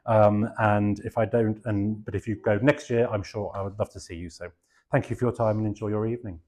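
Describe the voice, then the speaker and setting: Brisk and steady, with a lowish, darkish voice, a middle-aged Englishman from the southeast gives a chatty public talk about his work as a garden designer. He rambles, puts himself down in a joking way, and uses lots of fillers.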